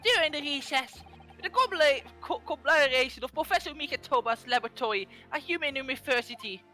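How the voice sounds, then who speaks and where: A man voicing a smug, fawning old male prosecutor in a fan dub, with a cracking high voice. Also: animated, brisk, sharp tone, soft background music, exaggerated voice. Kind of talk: fan voice acting over a game.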